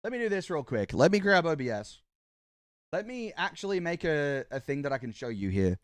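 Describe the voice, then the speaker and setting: Young Aussie streamer, slightly high voice, rambling and self-interrupting, dry close mic. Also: male voice, big pitch swings, a little fast, no echo. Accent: Australian. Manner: chatty, rambling, self-interrupting, teasing the chat. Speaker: livestream host. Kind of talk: casual live-stream chat.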